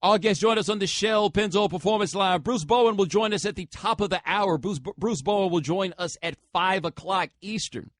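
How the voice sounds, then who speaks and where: A man's voice: high voice, moderate pace, few pauses, dry recording. A man hosting a sports talk radio show from a studio, taking callers in a loose, joking way with slangy asides. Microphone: studio microphone.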